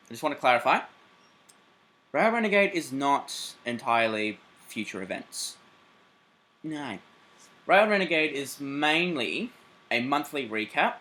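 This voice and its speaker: Excitable Australian guy with a bright voice. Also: medium pitch, a little slow, pauses often. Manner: excitable, swears freely, chatty with fillers. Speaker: railway channel host. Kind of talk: casual vlog.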